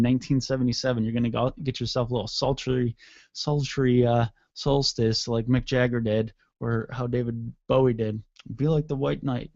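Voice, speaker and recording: A man's voice: medium pitch, darkish tone, no room sound, highs cut off. A man hosting an internet radio show, rambling and cursing sarcastically in a casual solo rant.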